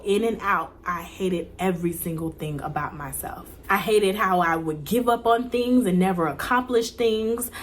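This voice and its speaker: A young woman telling a personal faith testimony in an earnest, repetitive, emphatic way, sometimes dropping to soft near-whispers. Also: mid-range voice, slight background noise. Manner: drops to soft near-whispers when reliving prayers. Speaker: vlogger.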